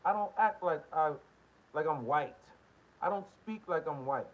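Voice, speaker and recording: A man's voice: fairly high pitch, moderate pace. An American man hosting a political commentary channel, delivering a heated, confrontational monologue full of profanity and repeated short questions. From United States. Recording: dull lo-fi audio.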